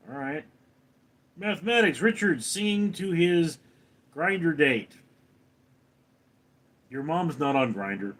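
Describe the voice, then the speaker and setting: A man with a slightly high voice hosts a casual livestream and reads viewers' comments aloud at a slow, unhurried pace. He answers each one with dry, deadpan sarcasm. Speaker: livestream host reading chat comments.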